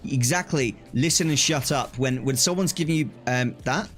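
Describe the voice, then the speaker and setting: A man's voice: mid-range voice, moderate pace, faint music behind. A young man chatting casually on a live stream, telling stories animatedly, acting out quoted exchanges and laughing often.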